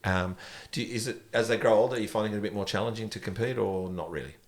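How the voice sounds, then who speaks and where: Low-voiced man hosting a chat. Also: quick pace. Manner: chatty, joking, retells scenes with quoted voices. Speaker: podcast host. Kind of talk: casual podcast interview.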